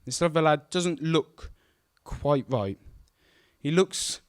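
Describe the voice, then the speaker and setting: A young man telling a true story on stage, animated and self-mocking as he acts out the scenes. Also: a little high, slow, smooth, dry recording, studio quality. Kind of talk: live storytelling to an audience. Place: stage at a live event.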